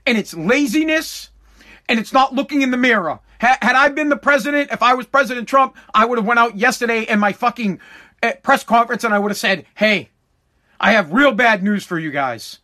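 Furious, profane man ranting, high and sharp. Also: fairly quick. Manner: profane, heated, repetitive. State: recovering from a tooth extraction. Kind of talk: angry political rant.

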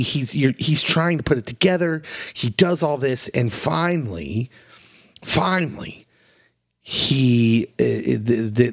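A man's voice: medium pitch, no echo. A man co-hosting a casual podcast chat. He talks earnestly and emotionally, falling into heartfelt storytelling in a mid-range voice. The recording is dry and close, with no room sound. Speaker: podcast co-host.

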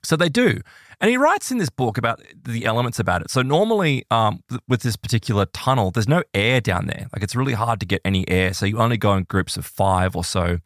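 A man with a fairly low voice retells a story in casual podcast chat. He talks in an animated, rambling way, leaning on fillers. The sound is dry and close, with no room echo. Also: fairly quick. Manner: animated, filler-heavy retelling with many "like"s and "right?"s.

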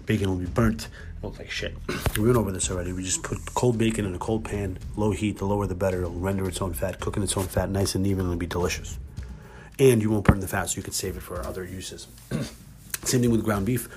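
A man hosting his own podcast, talking casually and swearing a lot as he tells animated workplace stories, then giving cooking tips more calmly and quietly. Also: sits low, fast, background noise. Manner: animated storytelling with lots of swearing. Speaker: podcast host. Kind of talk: casual monologue.

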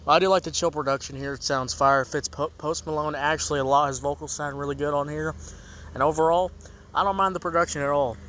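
A man's voice: fairly high pitch, fairly even intonation, quick pace, fairly bright tone, a little hiss or hum. A man hosting a casual comedic music review show, rambling and joking in a laid-back way.

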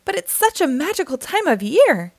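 A woman voicing an excitable little female bird who chirps and gushes in a storybook. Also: high-pitched, moderate pace, dry recording, voice pushed up. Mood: excited. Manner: chirpy, gushing.

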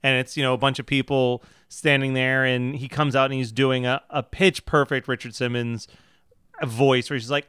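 Bright, crisp man chatting casually. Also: medium pitch, level tone, normal speed, no room sound, clean studio sound. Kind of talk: casual chat.

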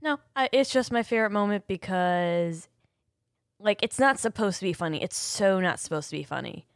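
A woman co-hosting a casual TV episode review chat, blunt and quick to laugh, swearing freely and acting out scenes. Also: medium pitch, lively intonation, no echo, clean studio sound. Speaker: podcast co-host.

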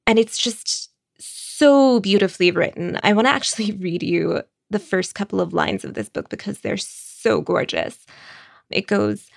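A woman recommending books in a casual, wry, conversational way, with quick asides. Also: mid-range voice, creaky, dry recording, clean studio sound. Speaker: book critic.

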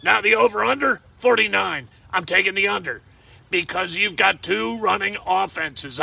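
A man runs through his weekly betting picks, joking and rambling and even talking to himself. His voice sits high and has a gravelly rasp. It comes across bright and edgy. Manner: jokey, rambling, talks to himself. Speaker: sports betting picks host. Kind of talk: casual picks monologue.

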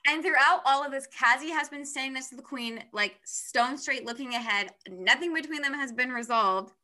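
A woman's voice: sits high, moderate pace, pushed and bright. A young woman casually recapping a book's plot in a chatty, filler-heavy way.

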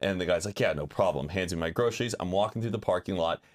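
A man's voice: deep voice, fast talker. A man in his thirties, a podcast co-host, telling a story in casual chat with lots of acted-out quotes. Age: 30s.

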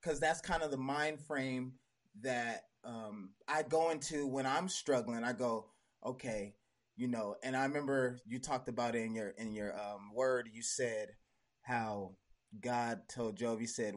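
A man's voice: mid-range voice, measured pace. A man hosting a podcast in casual chat, laid-back and slangy, with many fillers. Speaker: podcast host.

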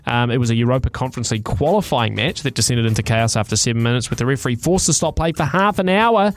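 A man's voice: medium pitch, quick pace. A man co-hosting a radio show, chatting casually and jokily through light news stories with plenty of fillers. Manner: chatty, jokey, rambling with fillers. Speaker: radio co-host.

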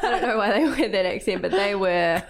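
A woman's voice: mid-range voice, fairly quick, vocal fry. A young woman with a New Zealand accent hosting a casual chat, telling stories and laughing often. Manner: chatty storyteller, laughs often. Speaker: podcast host.

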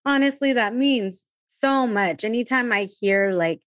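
A woman's voice: fairly high pitch, a little slow, slight background noise. A woman hosting a podcast, chatty and gushing, sprinkling Spanish words into her English. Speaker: podcast host. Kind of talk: casual interview chat.

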